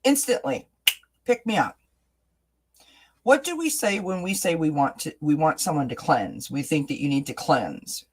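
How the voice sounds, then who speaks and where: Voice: medium pitch, big pitch swings, normal speed, hardly any pauses, slightly rough. A tarot reader hosting a live reading, talking casually and often checking in with "right?" while repeating words and restarting sentences. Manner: chatty, keeps asking "right?". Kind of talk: livestream tarot reading chat.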